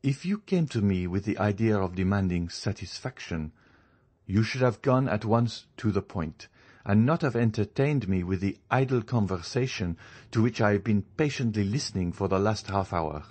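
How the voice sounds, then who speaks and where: A man voicing a calm, faintly mocking young male journalist in an audiobook, speaking in a composed, measured way. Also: on the low side. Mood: cool. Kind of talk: audiobook character reading.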